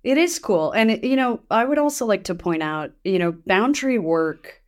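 With a mid-range voice at a moderate pace, a female podcast host chats casually. She tells her stories with animation, acting out the quotes as she goes.

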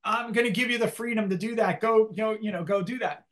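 High-voiced older man, rambling professor. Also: quick pace, a bit bright. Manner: rambling, many restarts and fillers, occasional laughs. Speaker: economics professor, interview guest. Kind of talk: conversational interview.

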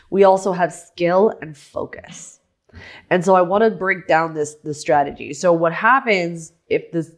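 A woman business coach talking alone on a podcast, animated, often restarting and repeating words as she explains. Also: on the low side. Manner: animated, acts out her own past questions. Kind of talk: solo podcast monologue.

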